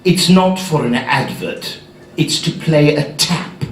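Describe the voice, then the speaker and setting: A man voicing a pushy male talent agent with a quacking, throaty voice. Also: slow pace. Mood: persuasive. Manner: pushy sales pitch. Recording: echoey hall, mic at a distance.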